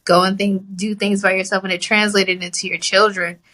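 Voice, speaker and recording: Woman host with a bright, sharp voice; laid-back, slangy interviewer. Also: mid-range voice, brisk. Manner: relaxed, uses casual slang. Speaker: podcast host. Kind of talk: casual interview chat.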